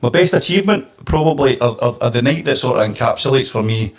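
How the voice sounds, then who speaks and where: Man, Scottish accent, former football manager, fast talker, animated storytelling. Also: medium pitch. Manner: animated anecdote-telling, gets emotional. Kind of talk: storytelling on a podcast.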